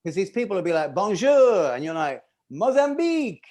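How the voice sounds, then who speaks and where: Rambling comedian telling travel jokes. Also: male voice, fairly high pitch, racing, a crowd in the background. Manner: rambling, self-deprecating, laughs at his own jokes. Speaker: stand-up comedian. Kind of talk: stand-up comedy set.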